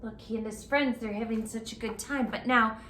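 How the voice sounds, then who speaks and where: A woman, a children's librarian, reading a picture book aloud in an animated, playful, expressive way. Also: on the high side, brisk. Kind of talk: storybook read-aloud for children. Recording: roomy echo, faint hiss.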